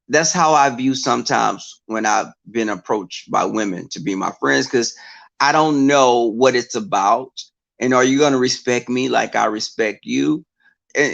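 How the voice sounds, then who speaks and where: Gravelly-voiced man chatting casually. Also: medium pitch. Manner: animated storytelling with mocking voice impressions. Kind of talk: casual chat to viewers.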